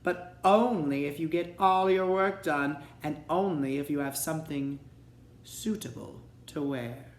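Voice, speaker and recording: A man's voice: fairly high pitch, measured pace, a little hiss or hum, close to an everyday voice. A man doing a curt, bossy evil stepmother. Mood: sly. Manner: curt, commanding. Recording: roomy echo.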